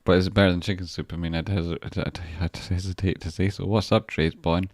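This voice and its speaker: A man's voice: low-pitched, little pitch movement, quick pace, few pauses, a little mellow, no echo. A man with a Scottish accent chatting casually on a trading livestream, reading viewer messages, swearing freely and thanking people effusively.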